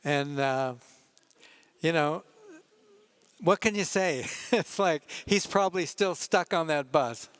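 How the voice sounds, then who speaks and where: This older photojournalist's conference talk moves slowly, with frequent pauses, as he offers wry anecdotes about his photographs and throws asides to the crowd. His voice is smooth and fairly high.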